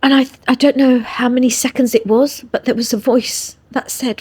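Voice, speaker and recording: A woman's voice: high voice, animated, moderate pace, few pauses, a little mellow, slightly rough. A woman with an English accent, a podcast guest earnestly telling a personal story and often checking in with her listener. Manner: earnest, checks in with "yeah?" tags. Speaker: interview guest.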